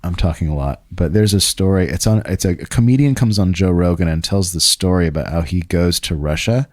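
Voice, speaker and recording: A man's voice: low-pitched, a little fast, darkish tone, no echo, clean studio sound. A man telling rambling, profane, self-deprecating anecdotes in a casual conversation.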